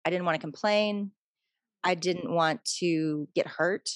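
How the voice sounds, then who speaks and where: A woman's voice: on the low side, a little slow, no room sound, clean studio sound. A middle-aged woman author talking earnestly and openly as a guest in a conversation. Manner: earnest, confessional, animated when telling stories. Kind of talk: conversational interview.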